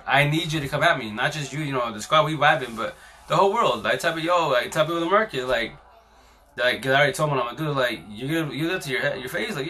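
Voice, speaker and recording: A man's voice: medium pitch, sharp tone. A man hosting a casual live stream on his phone, talking in a rambling, slangy way and swearing freely.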